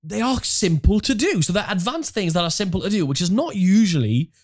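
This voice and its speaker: A male podcast co-host with a lively, animated voice that swings up and down a lot. He talks in a casual, joking way and often trips over the starts of his sentences. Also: high-pitched, a little fast. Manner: animated, jokey, repeats words when starting.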